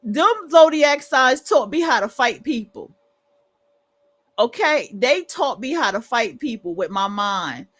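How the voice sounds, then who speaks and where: A woman hosting a livestream, reacting to clips with loud laughter and slangy casual commentary. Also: on the high side, measured pace. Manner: laughing hard, animated, slangy. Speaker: livestream host.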